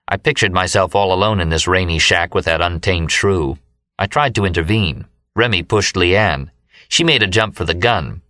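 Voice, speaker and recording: In a low-pitched voice, a man narrates an audiobook with a steady, measured storytelling manner. It's scripted, and the studio-quality recording is dry.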